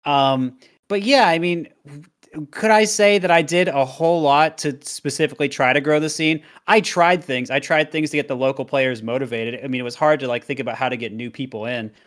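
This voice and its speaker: A man's voice: mid-range voice, fairly quick, a bit bright. A young man answering interview questions about his past with candor and self-deprecating honesty, reflecting at length. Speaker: guest, competitive player and streamer.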